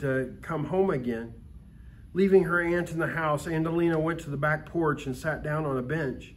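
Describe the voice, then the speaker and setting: A man reading a Christmas story aloud in a calm, expressive storytelling manner, with occasional small slips. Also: on the high side. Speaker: story reader.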